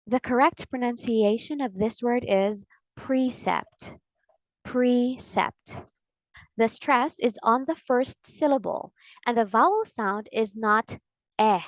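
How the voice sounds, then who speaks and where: A woman with an American accent teaching English pronunciation in a slow, deliberate lesson, repeating each word for drills. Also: on the high side, no room sound, low-quality recording.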